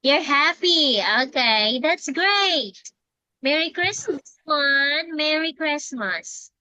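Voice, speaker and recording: A woman teaching English to a child over a video call, speaking slowly with repeated, encouraging prompts. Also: high-pitched, lively intonation, bright, forceful tone, low-quality recording. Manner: slow, repetitive, encouraging prompts. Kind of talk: online English lesson for a child.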